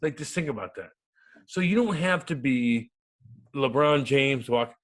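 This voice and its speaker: A man in his thirties tells stories as an interview guest, loud and profane, then dropping to mumbled asides. His voice sits at an ordinary middle pitch. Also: lively intonation, unhurried. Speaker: guest, former hockey enforcer and radio host. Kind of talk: animated interview storytelling.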